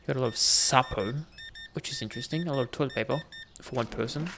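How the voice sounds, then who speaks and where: A young man gives casual gameplay commentary, teasing the customers as he rings them up. His voice has a gravelly, rough texture. A faint hiss sits under the recording. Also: medium pitch, fast. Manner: chatty, joking with in-game customers. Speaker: gaming video host.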